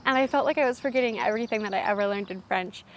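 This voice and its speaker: A woman's voice: fairly high pitch, very fast, a little hiss or hum. A young adult woman and college student telling a story to camera in a chatty, self-deprecating way. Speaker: vlogger, college student of French.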